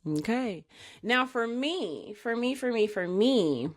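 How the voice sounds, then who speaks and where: A woman's voice: on the high side, lively intonation, slow pace. A woman co-hosting a casual podcast chat, giving emphatic, preachy advice and often asking the listener for agreement. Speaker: podcast co-host.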